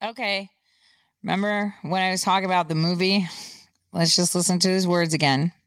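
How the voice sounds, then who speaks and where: A woman vlogger pausing news clips for casual, conspiratorial commentary in an insistent way. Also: lowish voice, fairly even intonation, no echo.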